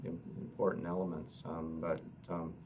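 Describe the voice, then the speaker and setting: A man, an economist, explaining survey results at a press conference in a halting way, often repeating words. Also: sits low, flat delivery, vocal fry, darkish tone. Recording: distant mic with noticeable noise.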